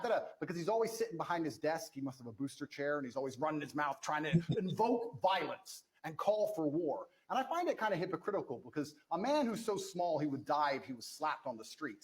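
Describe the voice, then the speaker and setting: A man speaks with a high, swooping voice that climbs and drops through wide turns. He argues as a guest in a heated debate, forceful and indignant, hammering the same points again and again. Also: rough recording. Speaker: interview guest.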